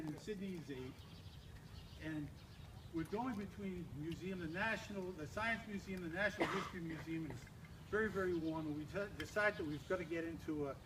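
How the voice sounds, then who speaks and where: A man's voice: sits high, background noise. Older man telling a rambling, teasing toast. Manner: rambling comic storyteller, teasing, often restarts. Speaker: father giving a toast. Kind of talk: humorous party toast. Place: engagement party.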